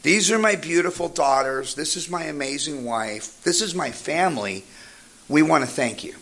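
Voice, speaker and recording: Heartfelt tattooed ex-con guy, as a speaker quotes him, lower and quieter, a bit gravelly. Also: lively intonation, moderate pace. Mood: earnest. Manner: earnest, heartfelt. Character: grateful tattooed former prisoner, adult man.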